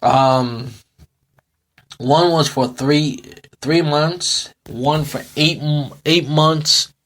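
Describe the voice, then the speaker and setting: A man's voice: fairly high pitch, extremely slow, fairly bright tone. A man in his thirties hosting a sports podcast, talking in a loose, rambling rant with many repeats and fillers, tired and yawning. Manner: rambling, repeats himself, frequent um and you know. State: sleepy, yawning. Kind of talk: casual sports commentary rant.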